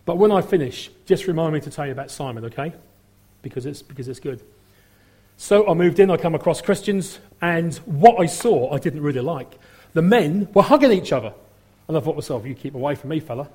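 A middle-aged man shares his testimony in a mellow, husky voice that sits a little high for a man. He rambles with plenty of ums and acts out the voices of people he quotes. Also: lively intonation, fairly quick. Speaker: testimony speaker. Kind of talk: personal testimony storytelling.

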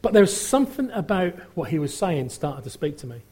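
The testimony speaker, a middle-aged man, has a husky, mellow voice a little high for a man, and his delivery here is sing-song and fairly quick. Rambling and peppered with ums, his personal story includes acted-out voices of the people he quotes.

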